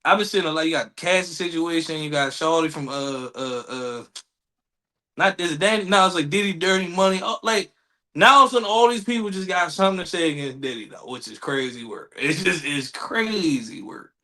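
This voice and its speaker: A man's voice: a little high, brisk, sharp tone. A man co-hosting a podcast, chatting casually and joking around, often slipping into playful put-on voices. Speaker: podcast co-host. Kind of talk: casual comedic chat.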